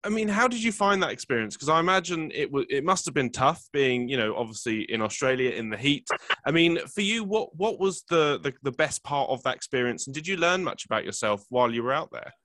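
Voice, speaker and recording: A man's voice: medium pitch, expressive, a little fast, pushed and bright, dry recording. A man hosting an interview, asking eager questions and repeating words as he shapes them. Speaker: interviewer, host.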